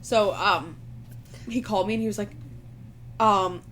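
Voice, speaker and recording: A woman's voice: mid-range voice, fairly even intonation, measured pace, a bit bright, a little hiss or hum. A woman co-hosting a podcast, chatting casually, telling stories and swearing freely. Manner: swearing, storytelling with quoted voices. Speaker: podcast co-host. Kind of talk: casual chat.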